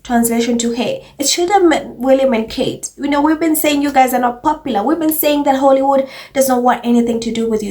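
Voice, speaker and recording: A woman giving casual, chatty commentary as a vlogger, animated and sarcastic with frequent asides. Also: sits high, fast talker, hardly any pauses.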